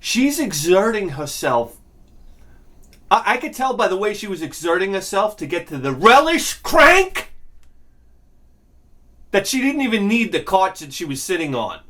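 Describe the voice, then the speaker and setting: A man hosting his own video, telling a profane, comedic ranting story that swings from low mutters to shouting. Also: sing-song, a little slow, long pauses. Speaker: video host.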